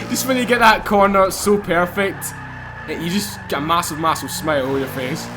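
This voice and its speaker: A man giving excitable, laughing gameplay commentary as he drives in a racing game. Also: high voice, normal speed, loud music behind the voice. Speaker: gaming YouTuber.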